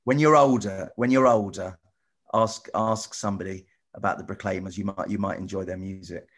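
A man presenter chatting with children in a casual video call, rambling and restarting often, gentle and encouraging. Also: low-pitched, fairly even intonation, moderate pace. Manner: rambling, stop-start, many repeated "you know". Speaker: TV presenter answering children's questions.

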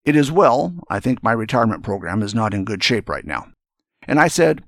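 A man's voice: fairly low pitch, sing-song, a little fast, fairly bright tone, no room sound, studio quality. An older man, a retired general, telling a story and giving earnest, emphatic advice in a speech to young students.

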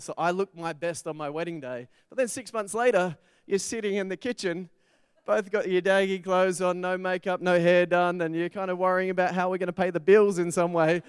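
A man's voice: high-pitched, steady tone, normal speed, smooth, no echo. A middle-aged man, preaching a sermon in church in a conversational way with personal stories. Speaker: pastor.

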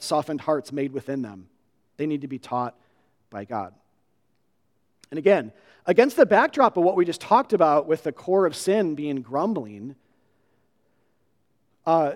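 Male pastor, casual sermon delivery, a bit high-voiced, long hall echo. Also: a little mellow. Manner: conversational, halting with many restarts.

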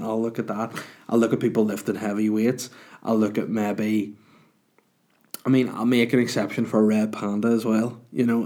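A man's voice: lowish voice, a little mellow. A man hosting a podcast, ranting in a sweary, mocking, exasperated way. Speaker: podcast host. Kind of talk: casual ranting monologue.

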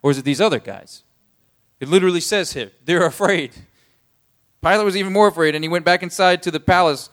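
A man's voice: fairly high pitch, fairly quick, a bit bright. A man preaching a sermon, explaining a scripture passage in a casual, conversational way and rising to emphatic points. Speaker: pastor.

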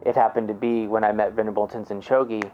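A man's voice: lowish voice, flat delivery, fast, a little mellow, a little hiss or hum. Heartfelt man telling a story, lo-fi. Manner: heartfelt, many "like" fillers, restarts. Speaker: storyteller recounting experiences. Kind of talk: casual personal storytelling.

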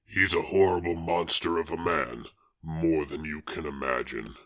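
A man voicing a grave swamp monster hero, speaking in a very deep, rumbling voice with slow, solemn delivery. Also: fairly even intonation, a bit bright. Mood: pleading.

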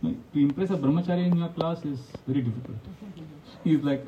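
A man's voice: fairly high pitch, fast talker, distant mic, dull audio, slight background noise. A man, a monk giving a devotional talk full of anecdotes, often laughing and acting out quotes. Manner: storytelling, animated, laughs often, acts out quotes.

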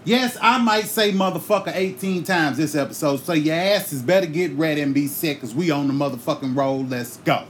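A man's voice: a little high, normal speed, few pauses, slight background noise. A man hosting his own comedy podcast, delivering a heated, heavily profane rant with preacher-like repetition. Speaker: podcast host.

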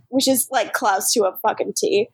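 A woman's voice: fairly high pitch, measured pace, no room sound. A woman co-hosting a podcast, casually recapping a show, laughing often and acting out the characters' lines. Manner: animated, laughing often, acts out quoted lines. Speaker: podcast co-host recapping episodes. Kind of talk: casual chat.

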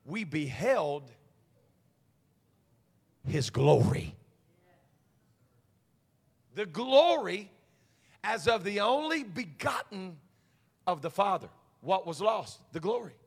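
A man preaching a fervent Pentecostal sermon as pastor, his voice often rising into shouts. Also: sits high, big pitch swings, slow pace, creaky, long pauses, slightly rough. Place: church sanctuary. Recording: long church hall reverb.

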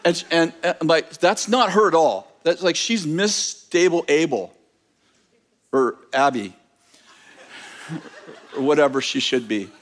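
A man's voice: a little high, measured pace, long pauses. A middle-aged man preaching a sermon, telling a personal story with self-mocking humor and restarting his sentences. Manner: animated storyteller, self-mocking, repeats words when starting. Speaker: pastor.

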